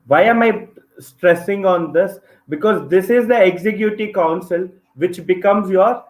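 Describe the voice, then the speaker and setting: A man's voice: high voice, unhurried, roomy sound, low-quality recording. A man with an Indian English accent teaching an online class for a civil services exam. He repeats key phrases and keeps checking that students follow.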